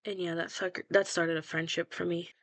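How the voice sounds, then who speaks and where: A woman's voice: lowish voice, little pitch movement, fairly quick, no room sound. A young woman chatting casually about her own fan fiction, blunt and self-mocking, swearing freely and laughing at herself. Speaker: fanfiction writer scrolling her own archive.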